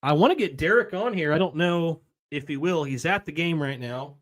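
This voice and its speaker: A man hosting a live reaction stream, excited and rambling, apologizing as he juggles things. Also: fairly high pitch, moderate pace. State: recovering from a week of sickness, coughing.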